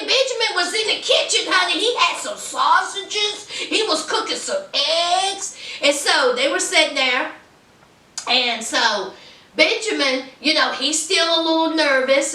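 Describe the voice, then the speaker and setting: Sassy, high-voiced woman recapping reality TV. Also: a little slow, roomy sound, recorded from a distance. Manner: chatty, sassy, animated storytelling. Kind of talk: casual recap commentary.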